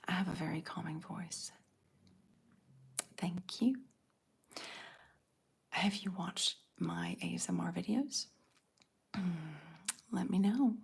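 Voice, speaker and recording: A middle-aged woman hosting an ASMR livestream, answering chat in a soft breathy whisper. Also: lowish voice, takes it slowly, long pauses.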